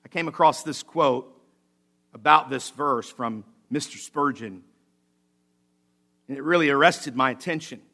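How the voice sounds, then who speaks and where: A man's voice: mid-range voice, measured pace, long pauses, sharp tone. A male pastor preaching a sermon in a church service, repeating key phrases for emphasis, checking in with the congregation, and building to fervent exclamations.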